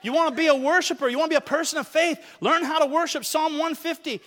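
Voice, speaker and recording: Male pastor from Alabama, high and bright, bold preaching delivery, long church-hall reverb. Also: fairly even intonation, fast. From Alabama, USA. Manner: bold preaching, swings from shouting to quiet asides. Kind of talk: sermon.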